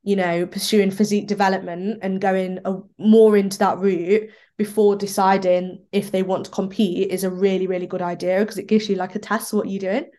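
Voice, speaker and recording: A woman's voice: mid-range voice, flat delivery, a little fast, few pauses, warm tone. Casual woman coach. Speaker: fitness coach. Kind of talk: casual chat.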